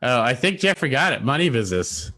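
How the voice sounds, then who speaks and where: A man's voice: medium pitch, very animated, brisk, sharp tone. A man co-hosting a casual online guessing game, joking and reading out viewers' guesses over a video call. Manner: jokey, reads out viewers' guesses. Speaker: co-host. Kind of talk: casual live-stream game chat.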